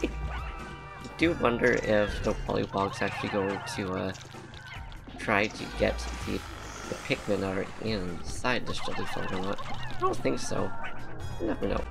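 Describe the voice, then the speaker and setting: A man with a low, gravelly voice talks casually through a playthrough, rambling and laughing often. His speech is loose and slangy, as if chatting with friends, and he uses a desk mic. Game music plays clearly behind him. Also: unhurried, pauses often. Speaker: let's play commentator. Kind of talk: casual gameplay commentary.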